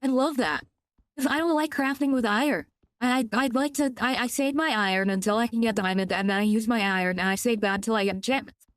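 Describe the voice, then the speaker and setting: A woman's voice: on the high side, a little fast, no room sound. A young woman with a Californian accent, chatting casually on a gaming stream, rambling with many restarts and casual swearing. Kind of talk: casual live-stream chat while gaming.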